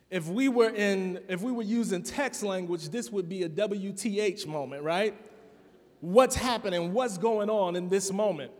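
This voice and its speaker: High-voiced man preaching in a reverberant church. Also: a little slow. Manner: earnest, conversational with filler words. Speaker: guest preacher. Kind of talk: sermon. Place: church sanctuary. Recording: long reverb of a church hall.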